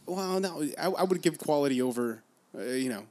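A man's voice: a little high, lively intonation, brisk, a little mellow. Rambling, easygoing man in casual chat. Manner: rambling storyteller, many restarts and fillers, laughs often. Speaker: podcast guest.

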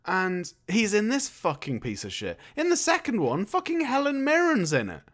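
A man tears into a film in casual podcast chat. He swears freely and sounds sarcastic, and his fairly high voice swings widely in pitch. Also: huge pitch swings, normal speed, a bit bright. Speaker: podcast co-host.

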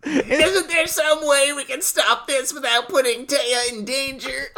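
A pleading little boy with a worn, gravelly rasp, pitched far up and slowed down, as a man puts him on as a joke. The voice sounds strained and squeezed, like a child who has smoked for thirty years. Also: fairly even intonation, sharp tone, full character voice. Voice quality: raspy, pleading.

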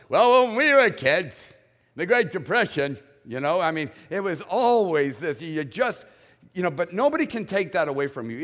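A man's voice: mid-range voice, fairly bright tone. A middle-aged male pastor preaching a sermon, candid and self-deprecating, telling a personal story with mocking quoted voices. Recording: long reverb of a large hall.

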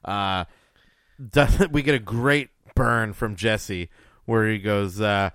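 A man co-hosting a podcast in casual chat, joking and riffing with quick asides. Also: lowish voice, a bit bright, dry recording, studio quality. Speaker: podcast co-host.

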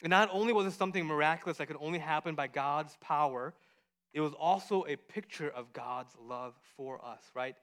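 Male kids' teacher with a bright, slightly high voice; animated, asks questions, acts out the voices. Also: a little fast. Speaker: children's Bible teacher. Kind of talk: animated Bible story lesson.

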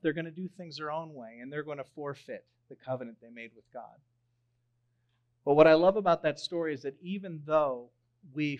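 A young man preaching a sermon, telling a story in an animated way and swelling loud on key phrases. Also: on the high side. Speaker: pastor.

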